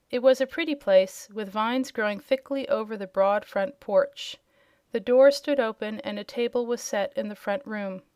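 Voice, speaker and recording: A woman narrating a storybook in a clear, even read-aloud manner. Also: fairly high pitch, no room sound. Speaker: audiobook reader.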